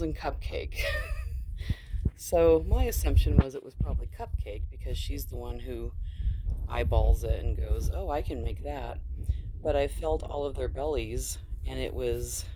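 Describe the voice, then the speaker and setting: A woman sheep farmer with a husky morning voice, just up and chatting casually into a handheld phone outdoors at her barn, wandering off topic as she goes. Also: deep voice, expressive, measured pace, background noise. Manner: chatty and digressive, easily distracted. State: just woken up, yawning. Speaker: sheep farmer and fiber seller.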